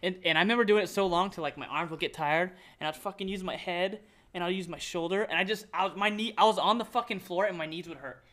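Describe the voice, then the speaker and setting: A man telling a long story as a podcast guest, animated, cursing often and restarting his sentences. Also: sits high, quick pace. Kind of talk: casual storytelling chat.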